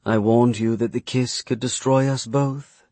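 A man voicing a calm, mysterious young woman who speaks softly and quietly. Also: mid-range voice, dry recording, close to an everyday voice. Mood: soft warning. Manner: soft, quiet, measured.

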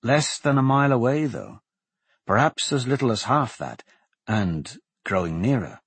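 A male audiobook narrator reads a fantasy novel in a measured, steady way. His voice is mid-pitched with a husky grain. The recording is dry and close. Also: no echo.

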